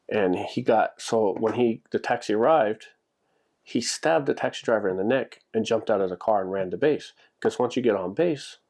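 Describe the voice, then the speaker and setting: A man's voice: fairly low pitch, gravelly, darkish tone. A man vlogging, telling stories in a rambling, casual way, full of "like" and restarts. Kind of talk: casual storytelling monologue. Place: lives in Japan.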